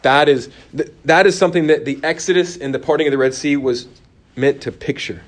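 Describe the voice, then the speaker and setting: A man teaching a church Bible course, talking with his class and often dropping to a quiet, emphatic tone. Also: on the high side, fairly even intonation, brisk. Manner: conversational, answers class comments, drops to quiet emphasis.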